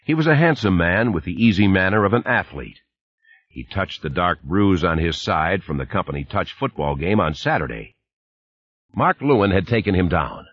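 A man narrating an audiobook in a lively, expressive reading. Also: sits low, normal speed, no room sound, dull audio. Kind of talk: scripted narration.

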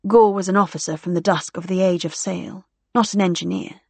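Woman reading an audiobook, dry wry delivery, bit of vocal fry, close dry sound. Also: fairly low pitch, fairly even intonation, brisk, hardly any pauses, no room sound. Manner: wry, dry first-person storytelling. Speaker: narrator. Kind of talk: audiobook narration.

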